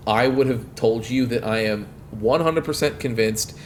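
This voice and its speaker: A man co-hosting a casual gaming podcast, talking in an animated, profane way and often acting out lines. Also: medium pitch, moderate pace, a little hiss or hum. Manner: animated, profane, acts out dialogue. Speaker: podcast co-host.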